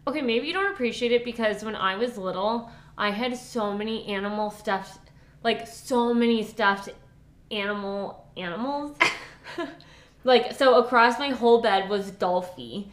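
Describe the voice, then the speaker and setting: A woman's voice: a little high, a little slow, reverberant. A young woman co-hosting a book podcast, chatting casually and giggly, full of filler likes and sometimes dropping to a whisper. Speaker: podcast co-host.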